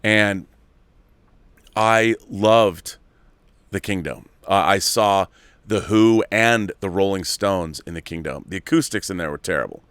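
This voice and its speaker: Middle-aged guy on a live show, low smooth voice, dry close sound, rambly and nostalgic. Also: unhurried, a bit bright, dry recording. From Seattle area. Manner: rambling, nostalgic, restarts often. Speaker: show host reading viewer questions. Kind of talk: casual live-stream chat.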